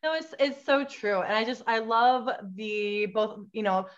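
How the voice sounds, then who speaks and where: A woman's voice: a little high, measured pace, highs cut off. Earnest woman guest on a call. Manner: earnest, many "you know" fillers. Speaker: guest, mother of daughters. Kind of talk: casual interview chat.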